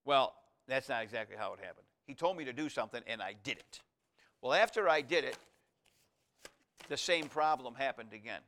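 A middle-aged male pastor preaching a sermon, pushing his voice up hard on key points and going soft and hushed when he prays. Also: lively intonation, fairly quick. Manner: emphatic preaching that rises high and loud on key points; drops to a quiet, soft voice in prayer.

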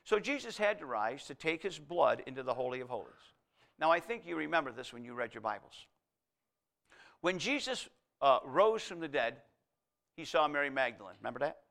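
A middle-aged man preaching with a bright, ringing voice that sits a little higher than most men's. He swings from loud emphatic peaks down to hushed, low passages and keeps asking the congregation rhetorical questions. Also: sing-song, a little fast, creaky. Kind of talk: sermon.

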